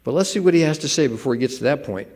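A man preaching a sermon in a relaxed, conversational way, with joking asides. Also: mid-range voice, very fast, big-room sound. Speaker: pastor.

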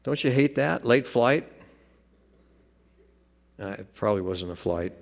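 A man preaching a sermon in a relaxed, conversational way, with joking asides. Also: medium pitch, unhurried, gravelly, in a large hall. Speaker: pastor.

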